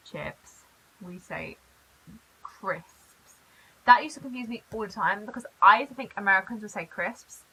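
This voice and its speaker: Chatty bright-voiced British woman. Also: mid-range voice, breathy edge, low-quality recording. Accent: British English. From United Kingdom. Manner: chatty and animated, laughs often. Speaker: YouTuber. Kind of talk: casual vlog chat.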